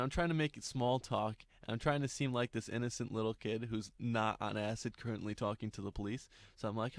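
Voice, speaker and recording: A man's voice: medium pitch, dry recording. Young man, casual storytime, rambling, laughs and cusses, dry close recording. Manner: rambling, laughing, swearing, many restarts.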